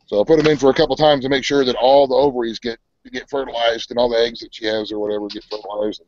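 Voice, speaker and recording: A man's voice: mid-range voice, steady tone, fast talker, darkish tone, no room sound, dull audio. A man co-hosting a homestead live show in casual, laid-back chat.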